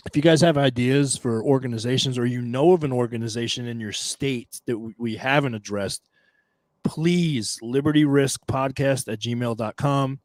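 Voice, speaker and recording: A man co-hosting a casual podcast, talking excitably and swearing heavily. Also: medium pitch, no room sound. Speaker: podcast co-host. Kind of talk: casual chat.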